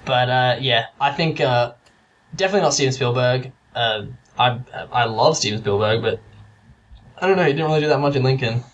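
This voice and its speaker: A man's voice: mid-range voice, fairly quick, highs cut off, a little hiss or hum. A man chatting casually about films, rambling with lots of fillers and restarts. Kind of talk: casual chat.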